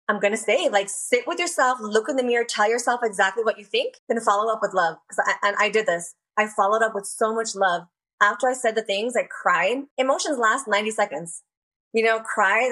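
A woman's voice: on the high side, a bit bright. A woman guest on a podcast, a self-expression coach who speaks candidly and bluntly with many fillers. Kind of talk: casual podcast interview.

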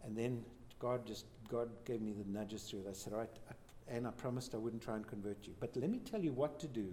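A man, a pastor, telling a church testimony as a lively storyteller who acts out the quoted lines. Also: medium pitch, a little fast, slight background noise. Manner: animated storyteller, voices quotes.

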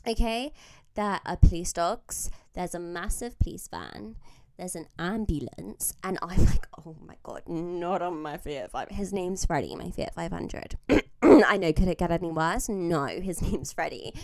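A young woman hosting a podcast, telling stories in an animated, sweary way and laughing mid-sentence. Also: lowish voice, a little slow, vocal fry, no room sound. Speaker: podcast host. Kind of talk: casual storytelling monologue.

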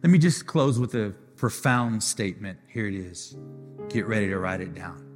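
A male pastor preaches with fervor in a church sanctuary, his voice ringing out with a long reverb tail. Soft music plays underneath. He shifts from emphatic, building repetitions to hushed, tender moments. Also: fairly low pitch, lively intonation, moderate pace. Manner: impassioned, rising and falling between loud declarations and soft asides. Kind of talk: sermon. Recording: live church hall with music behind.

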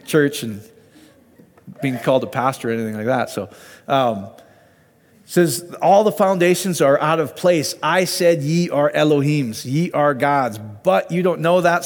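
A man's voice: medium pitch, in a large hall. A man giving an informal, conversational sermon and Bible teaching, often asking his listeners questions.

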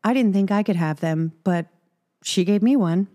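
A woman voicing an eager, excited teenage girl friend, talking high and insistent. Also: moderate pace, in a large hall, close to an everyday voice.

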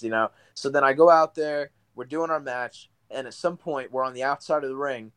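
A man's voice: medium pitch, moderate pace, fairly bright tone, clear, resonant tone, no echo. Young man telling stories, full of likes. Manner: rambling, full of likes and you-knows. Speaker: guest pro wrestler. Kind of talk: casual interview storytelling.

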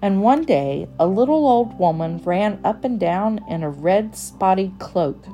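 A woman reading a children's storybook aloud in a gentle, unhurried manner. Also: medium pitch, lively intonation, faint music behind.

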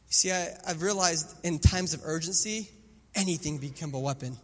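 High-voiced male preacher in a reverberant hall. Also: brisk. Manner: animated storytelling, acting out quoted voices. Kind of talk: sermon. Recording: long hall reverb with faint music.

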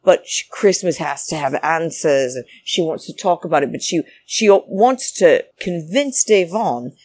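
A woman's voice: low-pitched, animated, normal speed, a little mellow, husky. A woman chatting casually as she recaps a reality show, rambling and indignant in her asides.

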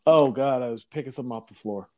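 A man's voice: mid-range voice, fast talker, warm tone. A man in a casual chat, mostly giving brief reactions and short remarks.

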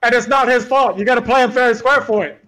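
A man's voice: very high voice, fast talker, bright, forceful tone. A man playing a swaggering, hungover brawler who lectures people in macho bro talk.

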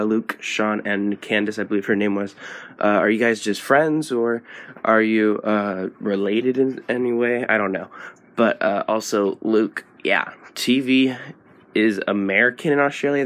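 A man's voice: on the low side, fairly bright tone. A man leaving a recorded question for a podcast, meandering and friendly with occasional chuckles. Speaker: listener caller. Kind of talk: recorded voice message.

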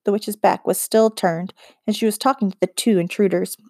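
Woman reading a kids fantasy book aloud, measured storytelling, dry close mic. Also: mid-range voice, fairly even intonation, dark tone, dry recording. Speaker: audiobook narrator. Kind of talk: scripted narration.

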